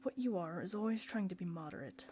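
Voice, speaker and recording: A woman's voice: lowish voice, animated, quick pace, dark tone, a little hiss or hum, natural voice. A woman reading the part of a scornful middle-aged male surgeon who lectures and accuses his brother.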